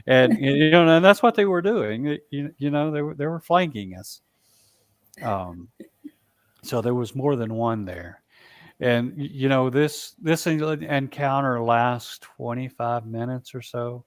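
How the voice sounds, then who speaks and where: A man telling a long story in a casual, halting way, full of fillers and restarts. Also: medium pitch, no room sound, clean studio sound. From Alabama, US. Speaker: Bigfoot researcher guest.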